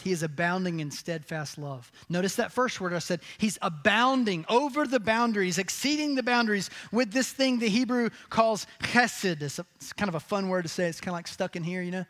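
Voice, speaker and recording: A man with a high voice preaches a sermon to his congregation. He poses questions and answers them himself, lively and emphatic. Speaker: pastor.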